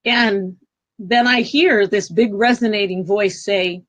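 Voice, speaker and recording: A woman guest telling a personal spiritual story in an earnest, emotional, halting way. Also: mid-range voice, a bit bright.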